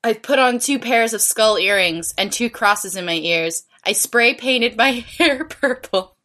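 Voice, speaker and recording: A woman's voice: fairly high pitch, animated, a little slow, sharp tone. A young woman co-hosting a comedy podcast, reading a story aloud playfully and joking about it. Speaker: podcast co-host. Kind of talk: comic dramatic reading.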